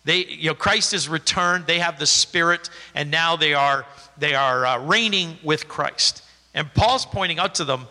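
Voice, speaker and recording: A man's voice: fairly high pitch, unhurried, bright, forceful tone. A male pastor reading scripture with emphatic stresses, then explaining it in a conversational sermon. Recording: reverberant hall.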